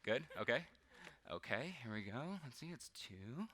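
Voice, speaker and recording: On a large convention hall stage, a man does a comedic mind-reading act with audience volunteers, chatty, self-deprecating and often laughing. His medium-pitched voice is sing-song and a little slow, with a crowd audible behind him.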